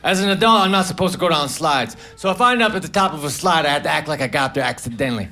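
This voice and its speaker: A man doing a live stand-up routine, delivering short one-liners in a deadpan manner. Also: high-pitched, racing, hardly any pauses. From United States. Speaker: stand-up comedian. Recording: noisy live recording. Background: audience laughter.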